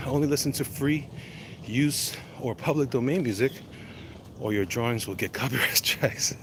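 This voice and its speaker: A man's voice: mid-range voice, normal speed, slight background noise. Chatty man vlogging on a cold walk. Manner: rambling, chatty, reads out viewer comments. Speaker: vlogger answering live chat. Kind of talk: casual walk-and-talk livestream chat. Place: outdoors walking in the cold.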